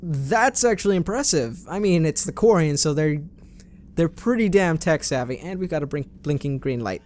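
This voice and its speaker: A man's voice: on the high side, animated, moderate pace, a little mellow. A man hosting a let's play, chatting casually and reading in-game messages aloud with his own asides. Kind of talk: casual gameplay commentary.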